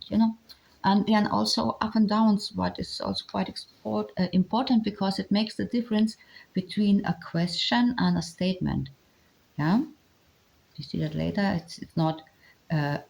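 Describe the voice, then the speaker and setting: A woman with a German accent explaining ideas step by step, with many pauses and fillers. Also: lowish voice, gravelly, a little mellow, rough recording. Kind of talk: explanatory talk on communication.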